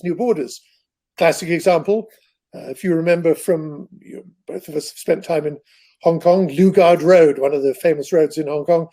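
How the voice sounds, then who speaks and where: A man's voice: fairly high pitch, dark tone. An older man, a guest author telling long, rambling anecdotes in an interview. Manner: rambling anecdotal storyteller, digressive. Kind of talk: interview conversation.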